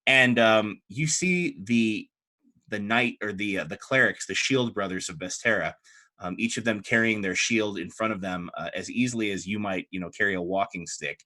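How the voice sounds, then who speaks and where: A man narrating as game master of a tabletop game, chatty and relaxed, with frequent fillers. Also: lowish voice, normal speed.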